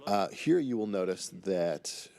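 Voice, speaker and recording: Low gravelly man giving DVD commentary. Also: a little slow. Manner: relaxed, enthusiastic, chatty with fillers.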